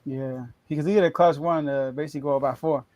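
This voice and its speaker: A man's voice: fairly high pitch, steady tone, quick pace, a little mellow, no room sound. A man hosting a sports podcast, upbeat and prompting his guest with questions. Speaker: podcast host. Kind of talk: casual sports talk. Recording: dry close mic.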